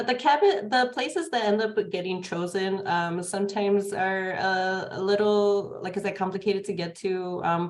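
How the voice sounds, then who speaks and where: A woman in a casual group discussion, speaking hesitantly with many pauses and fillers. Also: mid-range voice, darkish tone. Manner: hesitant, many ums and uhs. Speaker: Jedi community member.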